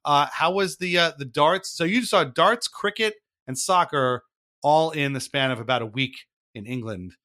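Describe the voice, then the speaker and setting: Male podcast host, casual chat, bright tone, halting delivery. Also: on the high side. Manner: upbeat, halting sign-off with many uhs.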